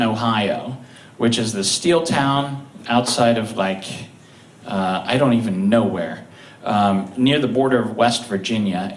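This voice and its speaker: A man's voice: medium pitch, a bit bright, slight background noise. Man, live stage storyteller, chuckling, stop-start, distant mic, roomy hall. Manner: chuckles through the stories, halting restarts. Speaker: author telling stories on stage. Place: live show venue.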